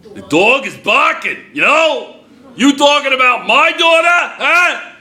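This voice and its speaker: A man's voice: very high voice, very animated, slow pace, bright, forceful tone, pitched above the performer's own voice, exaggerated voice. A man putting on a brash New Jersey tough guy with a thick accent. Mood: aggressive.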